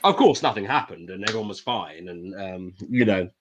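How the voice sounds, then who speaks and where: A man's voice: deep voice, lively intonation, fairly quick, noisy background. Man hosting, rambling chat. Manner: rambling, repeats words, gets heated. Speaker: show host. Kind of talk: casual podcast chat.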